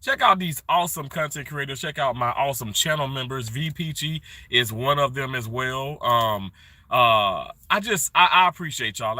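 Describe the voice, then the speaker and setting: A middle-aged man chatting casually on a live stream, greeting viewers by name and rambling warmly. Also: a little high, no room sound. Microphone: phone held vertically.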